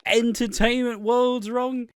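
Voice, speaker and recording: A British man co-hosting a podcast, recapping a soap episode in casual, excitable chat, swearing a lot and acting out the characters' lines. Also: very high-pitched, slow pace, clean tone, dry recording, clean studio sound. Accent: British English. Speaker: podcast co-host.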